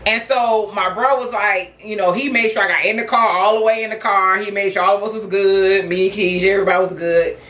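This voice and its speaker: A woman vlogger in a chatty mood, telling a story casually to her viewers with frequent laughter. Her voice sits at an ordinary middle pitch. The room around her is echoey. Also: fairly even intonation, a little fast, few pauses, fairly bright tone, muffled recording. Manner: chatty, laughs often, addresses viewers as y'all. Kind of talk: casual storytelling while snacking.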